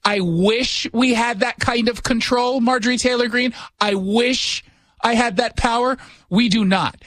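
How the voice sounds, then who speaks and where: Sarcastic high-voiced male radio host. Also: fairly even intonation, a little slow, a bit bright, dry recording. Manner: sarcastic, joking asides. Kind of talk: casual opinion talk. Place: radio studio.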